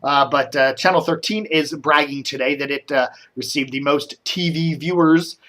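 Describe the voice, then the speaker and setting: A man's voice: a little high, moderate pace. Give me a middle-aged man doing casual solo commentary, rambling and heated at times. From Washington DC area. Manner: rambling, full of fillers, animated when riled. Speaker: media commentary vlogger.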